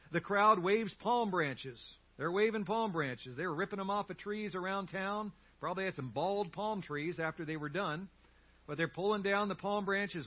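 Animated male pastor preaching. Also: sits high, muffled recording. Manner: animated, leads call-and-response. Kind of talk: sermon. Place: church sanctuary.

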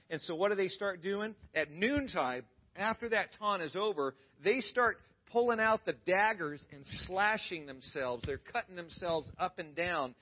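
A man preaching a sermon as a pastor, retelling a story dramatically and swinging from loud to hushed. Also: a little high, lo-fi sound.

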